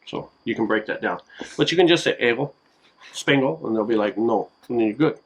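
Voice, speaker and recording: Gravelly man explaining phrases casually. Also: mid-range voice, poor audio. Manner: relaxed, explains slowly with many fillers. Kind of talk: casual home video lesson.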